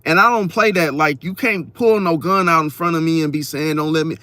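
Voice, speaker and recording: A man telling a story in a casual vlog, slangy and profane, talking straight to his viewers with lively emphasis. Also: on the high side, brisk, dry recording. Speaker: astrology vlogger.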